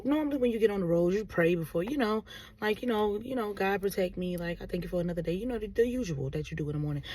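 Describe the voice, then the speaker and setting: A woman telling a casual story-time vlog in a chatty, animated, sarcastic way, full of fillers. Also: fairly low pitch, husky, distant mic. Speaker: vlogger. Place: car on the road.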